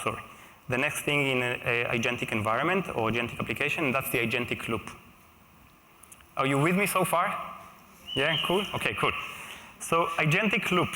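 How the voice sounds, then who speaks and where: A man's voice: medium pitch, bright, forceful tone. A man giving a conversational keynote at a large live conference, checking in with the audience, recorded in an echoey hall. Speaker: keynote speaker.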